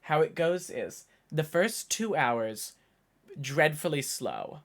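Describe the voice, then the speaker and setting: A man's voice: fairly high pitch, very animated, slow. Tired, rambling young man streamer. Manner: rambling, chatty, thinks aloud. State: tired, voice worn from hours of talking. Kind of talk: casual live-stream chat.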